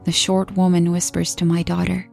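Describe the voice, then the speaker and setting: A woman narrating a scripted horror story in first person in a steady, earnest storytelling manner. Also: lowish voice, moderate pace, vocal fry, soft background music.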